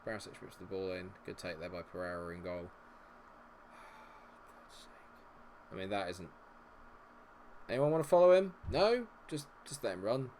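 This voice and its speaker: A man's voice: low-pitched, normal speed, pauses often, a little hiss or hum. A man giving live commentary on a football management game, frustrated and sarcastic, swearing often. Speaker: gaming streamer.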